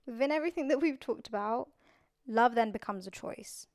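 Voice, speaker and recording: A woman's voice: on the high side, fairly quick, a little mellow, dry recording, clean studio sound. A young adult woman hosting her own podcast, talking earnestly and repeating phrases for emphasis. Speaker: podcast host. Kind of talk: casual solo podcast talk.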